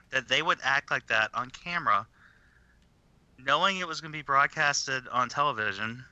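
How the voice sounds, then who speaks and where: A man co-hosting a podcast in casual chat, talking in an animated, emphatic way with some swearing. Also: on the high side, moderate pace, dry recording, muffled recording. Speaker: podcast co-host.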